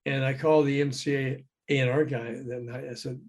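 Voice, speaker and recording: A man's voice: medium pitch, brisk. An older man with a mid-range voice, talking over a remote call as a guest. He tells his stories with energy, slips into the voices of the people he quotes, and chuckles between lines. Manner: lively, acts out quoted voices, chuckles often. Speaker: guest, former record promoter. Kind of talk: anecdotal storytelling in a conversation.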